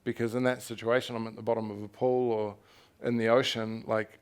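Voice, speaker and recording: A man's voice: on the low side, little pitch movement, brisk, clean tone. A young man from New Zealand, an author speaking candidly on stage, telling his story frankly and animatedly, with laughter and the odd swear word. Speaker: author at a festival talk. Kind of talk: candid live conversation on stage.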